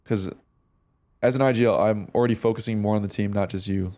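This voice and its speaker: A man's voice: lowish voice, fairly even intonation, fast talker, warm tone. A man streaming a game, chatting casually to his viewers while reviewing a match replay, slangy and swearing as he thinks aloud. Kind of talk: casual live-stream commentary and demo review.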